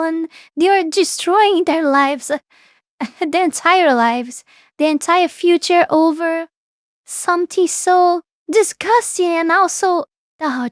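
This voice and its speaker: Streamer, woman, very high voice, slow drawn-out incredulous reactions. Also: dry recording, studio quality. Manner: incredulous, laughing disbelief. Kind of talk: live reaction commentary.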